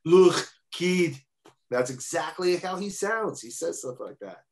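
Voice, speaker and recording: A man's voice: on the high side, very animated, normal speed, a little hiss or hum, low-quality recording. A man guest on a podcast, speaking over a video call from a cluttered home room, loose and joking, and he stumbles over repeated words. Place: home room packed with records and memorabilia.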